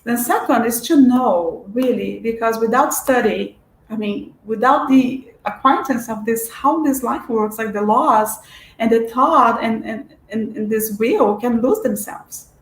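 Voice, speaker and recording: A woman's voice: on the high side, unhurried, slight background noise. A woman giving a spiritual lecture in an earnest, searching way, with frequent restarts and fillers. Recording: echoey room.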